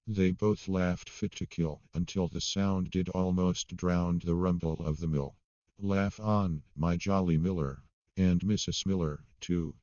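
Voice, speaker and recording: A man reading a comic ballad aloud in a steady storytelling manner. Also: sits low, unhurried, no echo, lo-fi sound. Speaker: poetry reader.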